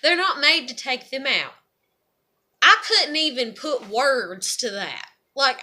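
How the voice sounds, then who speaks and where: A woman's voice: fairly high pitch, measured pace, pushed and bright. A woman, venting bluntly in a raw, profane, heartfelt monologue. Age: 30s. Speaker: vlogger.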